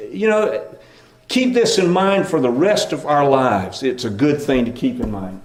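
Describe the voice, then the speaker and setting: Man, pastor, relaxed storytelling sermon, fairly high voice, echoey church room. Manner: conversational storytelling preacher. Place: church sanctuary.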